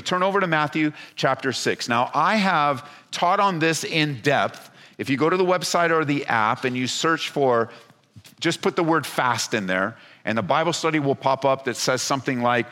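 A man preaching a sermon to his congregation, animated, stretching out words for emphasis. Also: fairly high pitch. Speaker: pastor.

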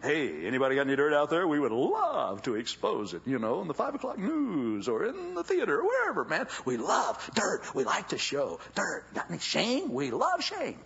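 A man's voice: a little high, wildly swooping pitch, normal speed, gravelly, hardly any pauses, a bit bright, breathy edge, exaggerated voice. A man voicing a brash, mocking, gossip-hungry news hawker, in a lo-fi recording.

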